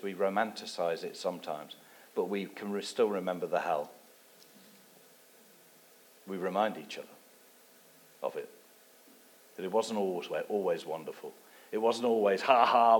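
A man from England giving a sermon with a personal testimony, telling his story in a lively way and dropping his voice low for asides. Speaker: guest preacher.

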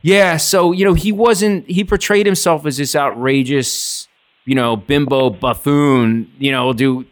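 A man in casual podcast talk, telling stories in a loose, swearing style. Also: unhurried. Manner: animated, swearing, acts out voices with big pitch jumps. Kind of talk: casual storytelling chat.

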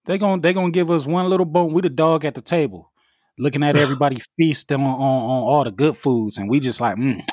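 A man in casual podcast chat, telling things in an animated, profane, slangy way. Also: fairly high pitch, a little fast, dry recording, clean studio sound.

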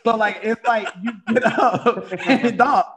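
A man's voice: very high-pitched, takes it slowly. Profane man in his thirties. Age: 30s. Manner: animated, profane, acts out quoted lines. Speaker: podcast co-host. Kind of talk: casual chat.

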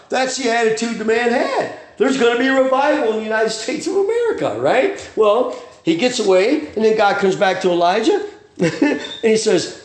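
A man, a pastor preaching a sermon in a folksy, plainspoken way with slang and quick asides. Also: very high voice, lively intonation, roomy sound.

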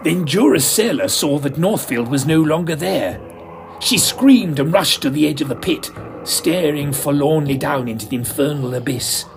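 A man's voice: on the high side, moderate pace, gravelly, a little hiss or hum. A man narrating a comic mystery in a theatrical, camp manner. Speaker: storyteller.

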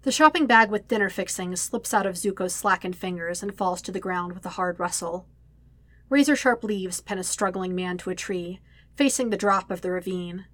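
A woman reading a fan story aloud in a quiet, steady narrating voice. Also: lowish voice, moderate pace, no echo. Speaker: podfic reader. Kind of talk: audiobook reading.

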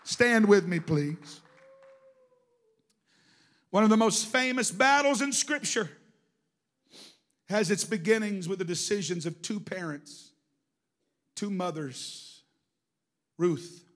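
A middle-aged man preaching a sermon, telling emotional stories that swing from hushed to shouting. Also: sits high, lively intonation, takes it slowly, pauses often. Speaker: pastor.

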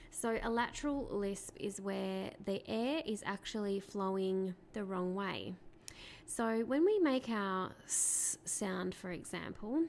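A woman speech therapist explaining to parents in a clear, patient teaching talk, asking rhetorical questions along the way. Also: mid-range voice, slight background noise.

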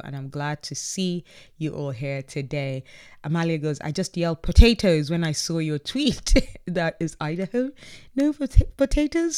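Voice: mid-range voice, darkish tone, clear, resonant tone. A podcast host recapping an online chat in a casual, upbeat way, reading out posts from participants with frequent laughs and self-corrections.

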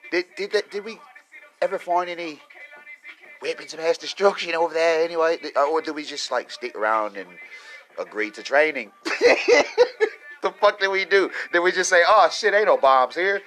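A man's voice: fairly high pitch, animated, moderate pace, long pauses, fairly bright tone, soft background music. A young adult man, ranting casually to his viewers with lots of swearing and laughter. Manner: profane, rambling, laughs often. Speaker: vlogger.

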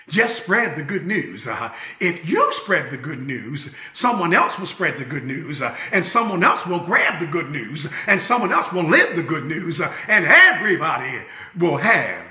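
A man preaching a sermon in a rhythmic style, full of "uh" fillers and repeated refrains, rising to shouts and sinking to quiet prayer. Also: very animated, moderate pace, echoey room. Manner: swings from shouted exhortation to quiet, low prayer.

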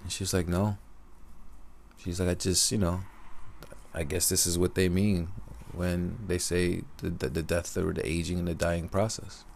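Male podcaster, low gravelly register, soft-spoken personal storytelling. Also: flat delivery. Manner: reflective, soft-spoken, unhurried.

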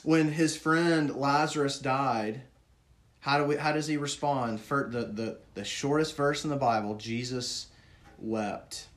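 With earnest feeling and no hurry, a man delivers a sermon, posing questions to his listeners. On words of grief, his voice sinks low and hushed.

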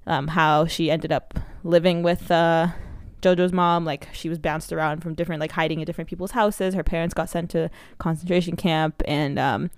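Woman podcast co-host, casual rambling recap, smooth resonant tone, dry close sound. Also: low-pitched, steady tone, moderate pace, few pauses, no room sound. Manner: rambling plot recap with many fillers. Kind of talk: casual movie review chat.

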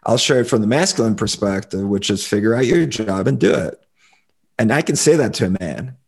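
This man's voice is fairly low and creaky with a breathy edge, and he talks fairly quickly. He's a relationship coach on a casual podcast, laying out his views with relaxed conviction.

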